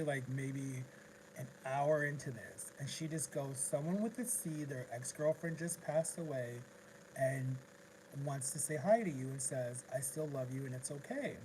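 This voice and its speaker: A man's voice: mid-range voice, moderate pace, dark tone, a little hiss or hum, low-quality recording. A man vlogging in a casual livestream, rambling through an emotional story with lots of restarts.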